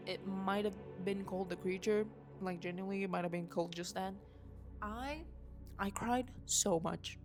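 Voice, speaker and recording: A young woman vlogging at home, rambling excitedly and swearing casually about a film while waving a handheld mic. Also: medium pitch. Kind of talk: unscripted excited movie rant. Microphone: handheld mic waved around.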